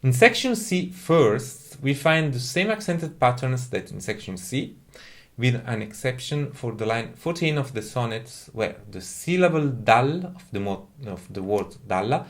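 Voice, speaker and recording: A man's voice: mid-range voice, animated, unhurried. A man giving a careful, methodical lecture on music, explaining each point step by step.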